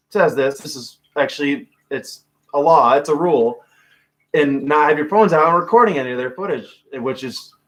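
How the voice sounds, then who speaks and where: A man's voice: a little high, fairly bright tone. Rambling man telling stories, swearing. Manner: rambling storyteller, frequent swearing and fillers. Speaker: podcast co-host. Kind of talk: casual chat.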